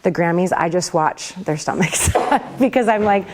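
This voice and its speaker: A woman leads a vocal class in a casual, rambling way, laughing often as she talks. Her voice sits a little low for a woman. She speaks to a group in the room. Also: moderate pace, background noise. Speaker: worship pastor teaching a vocal class. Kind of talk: casual teaching talk.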